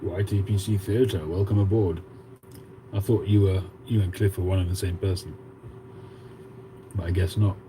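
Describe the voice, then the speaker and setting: A man's voice: low voice, fairly even intonation, normal speed, pauses often, background noise. A man in his fifties with a Cockney accent, hosting a casual livestream and chatting with viewers as he reads out their comments. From England. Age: 50s. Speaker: livestream host.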